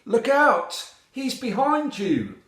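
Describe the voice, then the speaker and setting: A man voicing little storybook animals that shriek warnings in a high, shrill shout. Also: huge pitch swings, takes it slowly, reverberant, heavily acted. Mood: alarmed.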